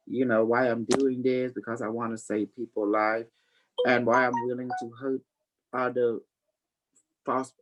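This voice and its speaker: A man's voice: medium pitch, low-quality recording. A man hosting a live stream, rambling loosely and preaching, dropping "you know" and calling people honey. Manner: affectionate, calls listeners honey. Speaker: livestream host.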